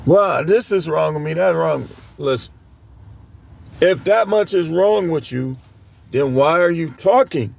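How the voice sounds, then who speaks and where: A man's voice: a little high, animated, unhurried, vocal fry, darkish tone. A middle-aged man giving blunt, scolding dating commentary, lecturing his viewers in a preachy way. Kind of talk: ranting commentary to camera.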